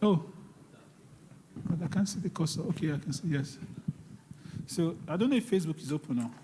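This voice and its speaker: A man's voice: a little high, a little fast, noisy background. A man giving a live seminar talk on investing, emphatic and pleading, repeating key words. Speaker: guest speaker on investing. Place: church hall, live audience. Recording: long reverb of a large hall.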